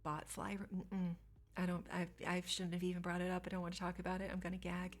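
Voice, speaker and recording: A woman's voice: fairly low pitch, completely flat delivery, fast. A woman streamer in casual chat, reading and answering her chat with chatty, squeamish asides.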